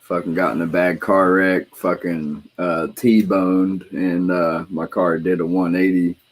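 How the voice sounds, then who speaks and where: A man with a very deep voice talks in a relaxed, rambling way, with a lot of swearing in his stories. He speaks in plain casual conversation. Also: measured pace. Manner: rambling, profane, laid-back storytelling. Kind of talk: casual chat.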